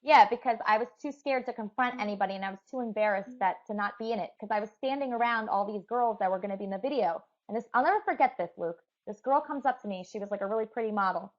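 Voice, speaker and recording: A woman talking candidly in an interview, halting with many fillers and restarts. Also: medium pitch. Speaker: interviewee, musician. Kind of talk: emotional personal interview. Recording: dull lo-fi sound.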